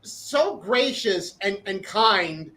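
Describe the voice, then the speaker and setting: A man's voice: sits high, expressive, very slow, bright, forceful tone, poor audio. A man co-hosting a chat show over a video call, telling a story in a rambling way with many fillers. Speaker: co-host. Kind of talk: casual chat.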